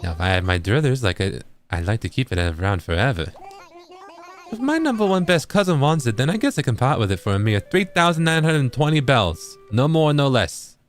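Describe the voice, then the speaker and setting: A slippery, pushy fox merchant, put on by a man reading game lines aloud leans into every pitch with wheedling patter. His voice swings up and down with salesman flair. Faint game music sits underneath him. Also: very animated, fairly quick, natural voice. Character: sly, pushy fox merchant, male, middle-aged.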